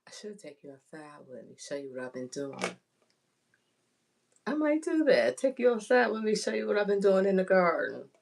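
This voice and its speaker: A chatty vlogger shares homespun thoughts on faith, speaking straight to her viewers in a rambling way, searching for words and often saying "you know" and checking in with "right?". Her medium-pitched voice swings widely in pitch, is creaky and a little mellow, at a moderate pace. A little hiss or hum is present.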